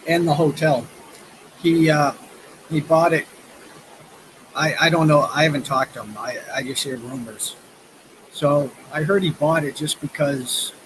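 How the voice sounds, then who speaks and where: A man's voice: fairly high pitch, noisy background. Rambling man chatting over coffee outdoors. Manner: rambling storytelling with frequent fillers. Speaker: vlogger. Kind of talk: casual live-stream chat. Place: outdoors by a river.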